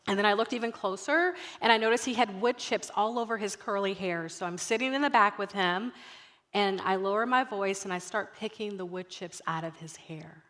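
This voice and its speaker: Animated woman telling a personal story. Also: mid-range voice, moderate pace. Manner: animated, acts out dialogue, addresses the audience directly. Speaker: guest speaker at a youth ministry night.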